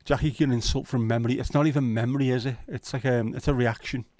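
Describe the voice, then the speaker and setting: Hosting a casual livestream, a man teases and jokes with his viewers in easygoing banter. His middle-pitched voice is steady and a little mellow, quick-paced, and recorded close and dry without room echo.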